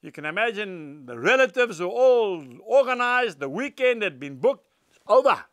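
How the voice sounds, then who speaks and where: A man's voice: high voice, big pitch swings, moderate pace, fairly bright tone, dry recording, studio quality. An older man, telling stories and preaching in an earnest, emphatic devotional talk.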